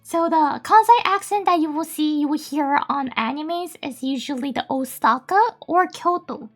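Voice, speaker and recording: A woman's voice: sits high, lively intonation, measured pace, vocal fry, a bit bright, soft background music. A woman from Japan, a native Japanese speaker with a Japanese accent, chatting casually on a live stream and reading out viewer messages in a giggly, cutesy way.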